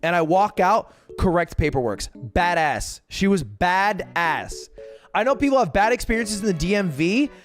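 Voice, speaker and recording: A man, a streamer, telling a story in an exasperated, profane way, casual and animated. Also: sits high, normal speed, soft background music. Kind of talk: casual comedic storytelling rant.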